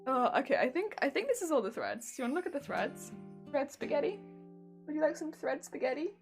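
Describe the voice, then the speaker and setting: A woman's voice: high-pitched, sing-song, fast talker. Giggly, rambling English woman streamer. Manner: giggly, rambling, self-mocking. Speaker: crafting streamer. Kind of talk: casual live stream chat. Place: home craft room. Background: faint video game music.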